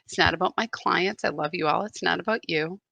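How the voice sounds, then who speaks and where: A woman's voice: lowish voice, a little fast, gravelly, sharp tone, no room sound. A woman spiritual guide giving a live meditation talk, telling a candid story that turns reflective.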